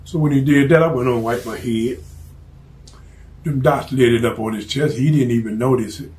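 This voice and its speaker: A man's voice: mid-range voice, moderate pace, darkish tone. A man spinning a boastful tall tale in casual slang, laid-back and cocky. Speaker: storyteller in character. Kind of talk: tall-tale comic storytelling.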